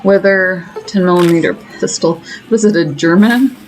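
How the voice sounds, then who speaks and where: A woman's voice: lowish voice, normal speed, a little mellow, a little hiss or hum, rough recording. A woman streamer giving chatty, self-mocking running commentary while she plays a game. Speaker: gaming streamer. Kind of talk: casual let's-play commentary.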